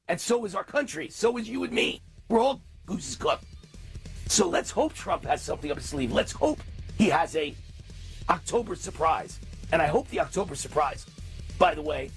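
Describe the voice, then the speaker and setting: A man hosting a talk radio show, delivering an impassioned, ranting political monologue. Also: a little high.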